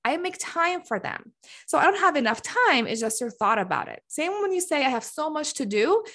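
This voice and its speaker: A woman's voice: high-pitched, big pitch swings, moderate pace, fairly bright tone. A woman, likely in her thirties, giving an earnest motivational talk to other moms, often asking "right?" and filling with "like". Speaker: mom life coach.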